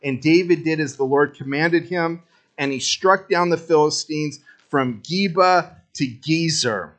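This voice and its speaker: A man's voice: fairly high pitch, a little slow, a bit bright. A man preaching a sermon as pastor, casual and joking, talking straight to the congregation.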